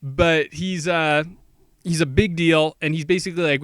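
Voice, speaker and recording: A man co-hosting a podcast, rambling through a movie plot and slipping into quick quoted voices for the characters. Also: a little high, fairly even intonation, no echo. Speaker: podcast co-host. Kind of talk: casual movie recap chat.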